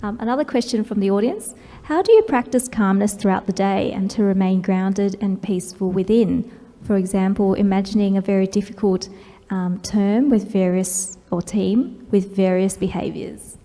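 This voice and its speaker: A woman's voice: mid-range voice, normal speed, warm tone. A woman moderator politely reading out questions from the audience. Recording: distant, echoey hall.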